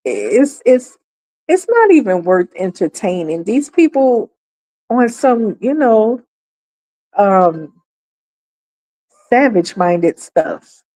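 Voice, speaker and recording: On her own livestream, a woman chats emphatically to her audience, going over her points again and bursting into laughter. Her voice is warm and medium-pitched.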